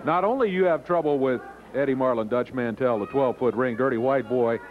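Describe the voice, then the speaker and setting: A man doing excitable play-by-play commentary and interviewing a wrestler. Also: medium pitch, a little fast, crowd noise. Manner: excitable, animated. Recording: lo-fi early 90s TV audio with noise.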